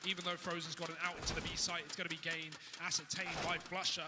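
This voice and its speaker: A high-pitched man calling esports play-by-play, rapid and excitable. His voice rings in a long hall echo. Loud noise and clicks sit behind him. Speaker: esports caster. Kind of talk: play-by-play commentary.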